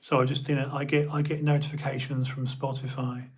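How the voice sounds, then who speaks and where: A man talks alone to his viewers in a long, wandering monologue. His voice is husky and sits at an ordinary pitch. He keeps stopping, restarting and poking fun at himself. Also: level tone. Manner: rambling, self-deprecating, halting with many restarts. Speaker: YouTube streamer. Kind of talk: rambling late-night solo monologue.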